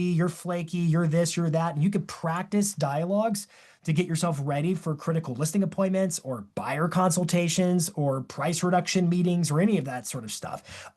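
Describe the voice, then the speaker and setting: A man presenting a live webinar, talking in an energetic, enthusiastic and demonstrative way. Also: fairly high pitch.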